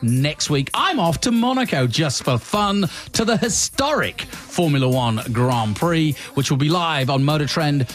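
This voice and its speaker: A man's voice: fairly high pitch, animated, unhurried, few pauses, soft background music. A man hosting a casual motorsport talk show, chatty and teasing, often restarting his sentences. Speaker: host.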